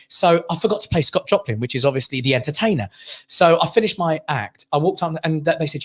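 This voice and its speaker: A man from England telling a lively personal story on a panel show, acting out what others said. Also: fairly high pitch, quick pace. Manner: animated anecdote teller, acts out quotes. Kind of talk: casual chat, storytelling.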